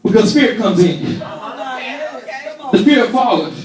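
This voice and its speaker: Man preaching, very high voice, shouts key phrases, far off in a roomy church, crowd heard. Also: animated, unhurried. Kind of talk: sermon. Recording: echoey church hall, far from the mic, congregation audible.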